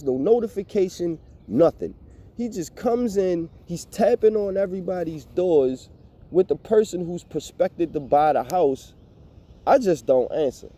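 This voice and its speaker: Animated, profane young man ranting. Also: high-pitched. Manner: animated, profane, exasperated storytelling. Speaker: vlogger. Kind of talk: casual storytime rant.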